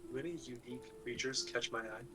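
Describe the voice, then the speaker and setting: Man, tabletop player, casual chat, rapid talk, clear music playing underneath. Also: mid-range voice, flat delivery. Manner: quick, loose phrasing with fillers.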